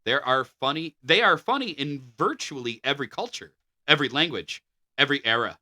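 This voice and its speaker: A man's voice: mid-range voice, expressive, a little fast, bright, forceful tone. A man co-hosting a podcast, reading notes aloud with a dry, amused delivery. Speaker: podcast co-host.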